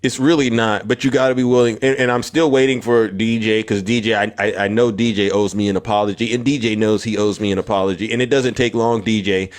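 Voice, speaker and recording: A man's voice: lowish voice, fairly even intonation, fast, hardly any pauses. A man hosting a political livestream, calling out viewers by name and repeating phrases with rising emphasis. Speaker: livestream host.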